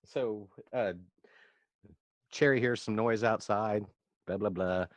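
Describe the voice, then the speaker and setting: A man's voice: fairly low pitch, takes it slowly, no room sound. A man co-hosting a casual movie podcast from home, rambling and laughing often as he recaps scenes. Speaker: podcast co-host. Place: his own room, recording remotely.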